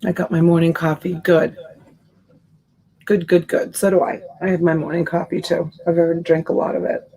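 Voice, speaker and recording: A woman's voice: fairly low pitch, level tone, brisk, vocal fry, warm tone. A woman hosting a live selling stream, chatting casually and answering viewer comments by name in a sympathetic way. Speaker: live-stream seller and host.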